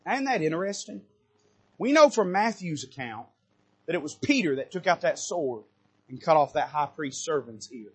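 Male pastor, high husky voice, sermon from the pulpit, builds from hushed to loud and impassioned. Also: big pitch swings, moderate pace. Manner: impassioned, swings between quiet asides and loud rising bursts. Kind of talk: fiery sermon. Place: church pulpit.

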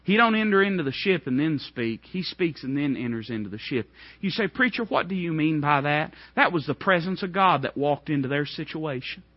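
A man preaching a sermon, swinging from hushed, low lines to ringing, high outbursts. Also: animated, brisk, few pauses, no room sound, muffled recording.

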